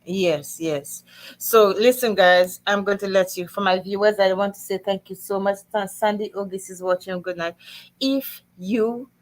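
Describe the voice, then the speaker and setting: A woman hosting a casual online chat show, lively and chatty, laughing often. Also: mid-range voice, normal speed.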